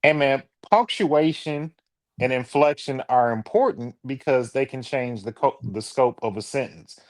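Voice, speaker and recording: Animated Detroit man telling stories. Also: mid-range voice, a little slow, dry recording. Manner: storytelling, animated, swings into playful voices. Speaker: podcast co-host. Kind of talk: casual chat.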